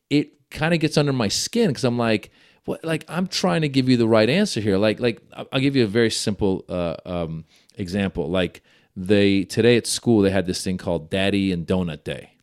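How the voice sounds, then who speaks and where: A middle-aged man chatting casually as a comedian guest, acting out the voices in his stories. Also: mid-range voice. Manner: animated storyteller, acts out quoted voices. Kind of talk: casual chat.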